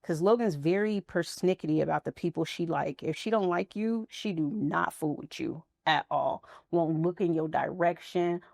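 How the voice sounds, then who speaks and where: Woman guest, candid and reflective, lower pitch with gravelly texture. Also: normal speed, few pauses, a little mellow, dry recording, clean studio sound. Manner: frank, reflective storytelling. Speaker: interview guest, mother. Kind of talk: candid conversational interview.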